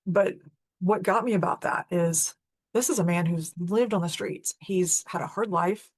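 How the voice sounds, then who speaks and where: A woman's voice: fairly low pitch, a little slow, husky, dry recording. A woman hosting a spiritual talk, telling a personal story in an earnest, candid, conversational way. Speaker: host.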